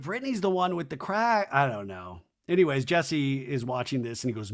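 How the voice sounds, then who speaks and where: A man hosting a podcast, recapping reality TV in a gossipy, animated way. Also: medium pitch, fairly quick, few pauses. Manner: animated, gossipy, acts out the people he quotes. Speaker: podcast host.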